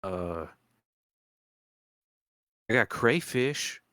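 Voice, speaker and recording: A man's voice: lowish voice, animated, extremely slow, a bit bright, no room sound, clean studio sound, heavily acted. A man voicing a folksy older woman who runs a swamp bait shack, with a put-on Southern drawl and a rambling way of talking.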